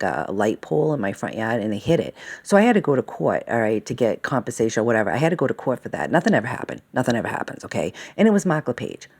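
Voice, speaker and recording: Woman, gravelly lively voice, agitated rambling vlog rant, keeps asking "all right?". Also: very deep voice. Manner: rambling, agitated, swears often; fillers and self-interruptions, asks "okay?" and "all right?". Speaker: vlogger. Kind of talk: casual monologue.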